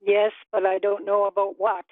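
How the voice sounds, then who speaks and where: A woman's voice: medium pitch, level tone, moderate pace. Older woman caller on a tinny phone line. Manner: brief, matter-of-fact answers.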